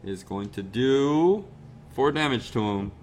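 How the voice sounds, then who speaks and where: A man's voice: medium pitch, lively intonation, slow, a little mellow, a little hiss or hum, low-quality recording. A man narrating as game master in a casual, rambling way, with the odd chuckle.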